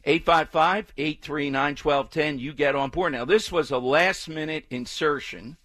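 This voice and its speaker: A man's voice: fairly high pitch, a little slow, fairly bright tone. A man hosting a talk radio show, delivering an emphatic, opinionated monologue full of repetition. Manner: emphatic, repetitive, mocking chants with exaggerated inflection.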